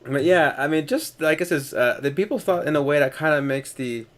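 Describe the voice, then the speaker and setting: A man in casual film discussion, chatty and quick to laugh as he retells scenes. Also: on the high side.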